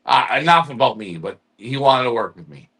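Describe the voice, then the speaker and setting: Bright-voiced man explaining patiently. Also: mid-range voice, animated, a little fast, breathy edge. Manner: patient, explanatory, with rhetorical questions. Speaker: co-host of a pigeon auction club show. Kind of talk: casual live-stream chat to club members.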